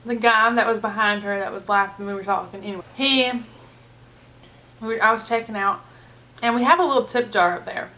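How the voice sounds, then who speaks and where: A woman vlogger telling a story in a casual, animated way with relaxed slang. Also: medium pitch, a little fast. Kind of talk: storytime vlog.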